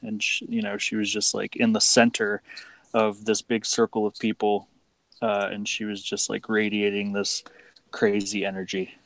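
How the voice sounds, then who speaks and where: Rambling low-voiced man in his thirties. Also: completely flat delivery, normal speed, a bit bright, no room sound. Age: 30s. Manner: rambling, hesitant, many fillers. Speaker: stream guest. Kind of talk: casual live-stream chat.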